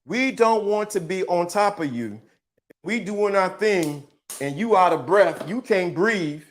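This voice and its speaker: A man's voice: sits high, animated, unhurried. A man hosting a livestream, giving his blunt, preachy, teasing opinions to the chat in a casual, slangy way. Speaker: livestream host.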